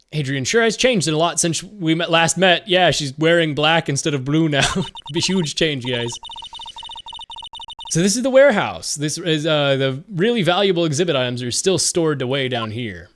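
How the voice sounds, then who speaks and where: A man streaming a game, reading the dialogue aloud and cracking jokes, swearing and yelling now and then. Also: fairly high pitch, animated, moderate pace, a little hiss or hum. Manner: playful, joking, swears and yells.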